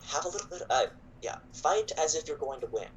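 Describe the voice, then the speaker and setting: A man voicing a calm young woman adventurer who speaks in a hushed, earnest way in a tabletop game. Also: fairly high pitch, fairly quick, distant mic, a little hiss or hum, natural voice, rough recording.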